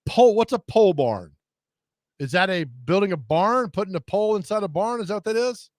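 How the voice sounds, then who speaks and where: A man's voice: high-pitched, animated, fairly quick, dry recording, clean studio sound. A man hosting a radio show, telling rambling, jokey stories in casual chat.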